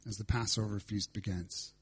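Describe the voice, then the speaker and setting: A man's voice: lowish voice, fairly even intonation, normal speed, breathy edge. A male pastor preaching a sermon, reading scripture aloud and stressing lines with dramatic emphasis.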